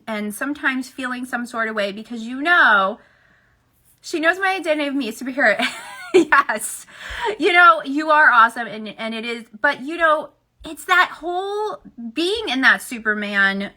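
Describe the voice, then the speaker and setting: A woman's voice: a little high, bright, forceful tone. A woman giving a chatty livestream tarot reading, talking to viewers and laughing often. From United States. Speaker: tarot reader.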